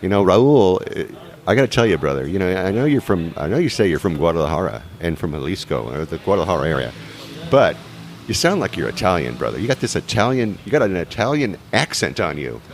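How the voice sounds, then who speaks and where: Travel show host, male, lower voice, animated and chatty, interviewing outdoors. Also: fast. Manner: chatty and enthusiastic, repeats words. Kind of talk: casual interview. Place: restaurant rooftop bar, outdoors.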